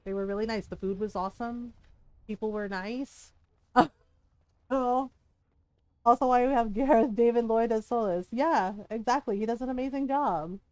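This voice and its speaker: A woman's voice: on the high side, normal speed, darkish tone, no echo. A woman streamer telling a rambling story in casual chat while she plays, giggling often. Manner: chatty, giggly, rambling with restarts. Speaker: game streamer.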